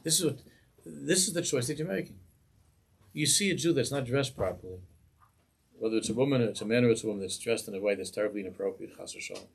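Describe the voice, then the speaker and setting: Impassioned gravelly rabbi teaching a class. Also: male voice, mid-range voice, lively intonation, quick pace. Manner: impassioned, emphatic, pleading rhetorical questions. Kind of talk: Torah class lecture. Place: synagogue.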